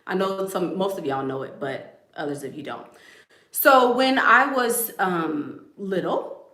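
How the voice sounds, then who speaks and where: A woman's voice: medium pitch, lively intonation, unhurried, a bit bright, reverberant. A woman chatting casually to her viewers in a playful, talkative way, calling them y'all. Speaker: vlogger. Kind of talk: casual chat.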